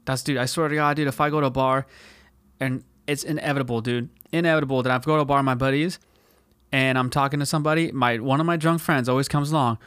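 A man's voice: medium pitch, steady tone, fast talker, fairly bright tone, clean tone, no echo. A man in his twenties from California, hosting a podcast in a rambling, profane solo rant that leans on "dude" constantly. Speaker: podcast host.

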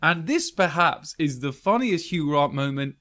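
A man's voice: fairly high pitch, lively intonation, moderate pace, sharp tone. A man co-hosting a podcast, enthusiastically recapping a film with frequent laughs. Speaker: podcast co-host. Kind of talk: casual film review chat.

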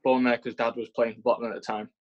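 A young man with an English accent speaks in a medium-pitched voice, answering questions in a relaxed interview. He talks earnestly, tripping over his words and restarting phrases as he goes. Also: quick pace, lo-fi sound. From England. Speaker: professional footballer, interview guest.

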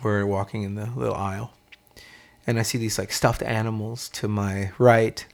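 A man co-hosting a podcast, telling a childhood story in casual chat, animated and swearing freely. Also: lowish voice, moderate pace, gravelly. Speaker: podcast co-host.

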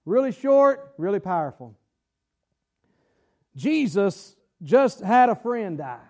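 A man's voice: high voice, big pitch swings, takes it slowly, darkish tone. A man preaching a sermon in church, drawling, stretching words, asking the congregation questions. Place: church sanctuary.

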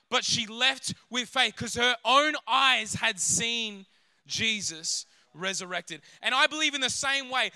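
A man preaching a sermon in an animated way, sometimes acting out voices from the story. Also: extremely high pitch, clean tone, no echo. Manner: animated, acts out scenes in character voices.

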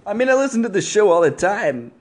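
A man voicing a rambling, tipsy middle-aged male caller in an improvised comedy podcast bit, drawling and loud. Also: high voice, big pitch swings, quick pace, pitched above the performer's own voice.

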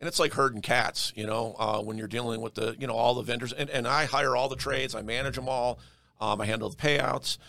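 A man's voice: medium pitch, steady tone, brisk, creaky, sharp tone. A man who flips houses, being interviewed on a podcast, talking emphatically and often repeating words as he starts a thought. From Denver area. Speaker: real estate investor guest.

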